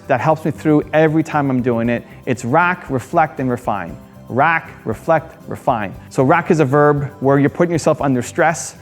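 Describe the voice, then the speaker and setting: Male vlog host, slightly raised pitch, earnest self-help talk, repeats points, faint music bed. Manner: earnest, repetitive, asks rhetorical questions. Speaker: channel host. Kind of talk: motivational vlog monologue.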